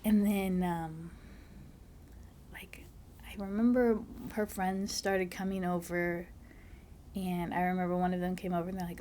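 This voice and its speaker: A woman, a mother, talking as a podcast guest, soft-spoken and halting, with many fillers and breathy, near-whispered stretches. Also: lowish voice, flat delivery, a little hiss or hum. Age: adult, a mother. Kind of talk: casual conversation, personal storytelling.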